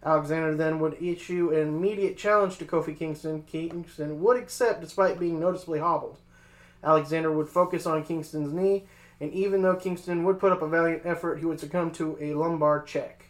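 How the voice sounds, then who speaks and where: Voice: medium pitch, fairly even intonation, brisk. Host reading off wrestling recaps, kinda roomy echo on the mic. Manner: reads recaps, then asks for thoughts. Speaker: podcast host.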